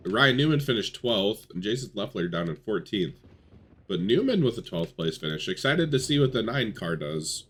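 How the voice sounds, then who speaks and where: A young man giving casual, excitable commentary on a racing simulation, swearing and swinging between hype and mumbled asides. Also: medium pitch. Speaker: gaming YouTuber.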